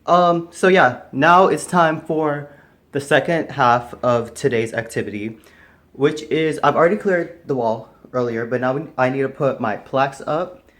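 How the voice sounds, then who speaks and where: A man's voice: mid-range voice, a little slow, fairly bright tone. A man chatting casually to his phone camera while decorating his bedroom, rambling and self-deprecating with lots of fillers, a little out of breath. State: slightly out of breath. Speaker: vlogger. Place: bedroom, indoors.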